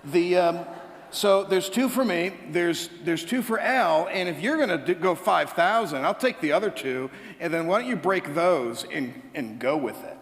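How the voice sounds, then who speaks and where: Male pastor, lively storyteller who voices both sides, gravelly, reverberant sanctuary sound. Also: high-pitched, moderate pace. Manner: animated storytelling, acts out dialogues with God. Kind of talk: conversational sermon. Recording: echoey hall.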